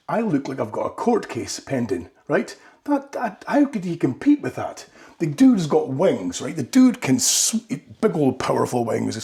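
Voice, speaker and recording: A man riffs through a comic rant straight to the camera. He rambles from point to point and keeps tagging his lines with "right?". His voice sits at an ordinary middle pitch. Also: a little mellow. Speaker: comedy vlogger. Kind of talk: comedic monologue.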